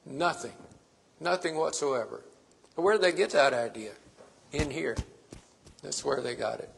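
A man's voice: fairly high pitch, a little slow, vocal fry, slight background noise. A man preaching a sermon, stressing his points by repeating phrases.

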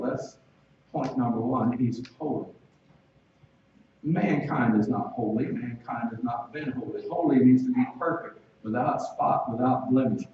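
A man's voice: mid-range voice, measured pace, dark tone, recorded from a distance, slight background noise. A man preaching in a big, echoey hall, his voice landing from well back and sounding dull. He talks to the listeners conversationally and keeps asking them direct questions. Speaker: pastor. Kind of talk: expository sermon.

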